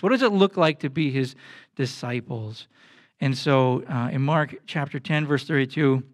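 A man with children giving a sermon, telling casual self-deprecating stories with many fillers before reading scripture. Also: a little high. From grew up as a missionary kid abroad. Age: adult with kids. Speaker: pastor.

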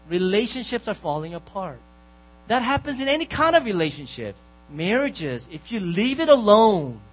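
A man preaching a sermon, moving from quiet reflection to loud, emphatic declarations, recorded with a dull sound and a mains hum. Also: high voice. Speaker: pastor.

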